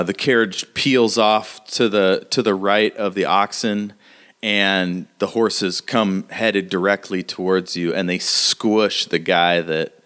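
A man narrating a tabletop game as game master, unhurried and hesitant, filling pauses with "uh". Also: fairly low pitch, a bit bright, clean tone.

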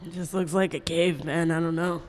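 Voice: medium pitch, little pitch movement, fairly quick. A tabletop game player, eager and laughing, keen to kill the goblins. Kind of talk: casual game banter.

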